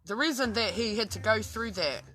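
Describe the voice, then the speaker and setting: A woman's voice: mid-range voice, lively intonation, normal speed, fairly bright tone. An Australian woman telling a story casually, swearing constantly and restarting her sentences often. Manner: heavy swearing, rambling with many restarts. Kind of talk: casual true-crime storytelling.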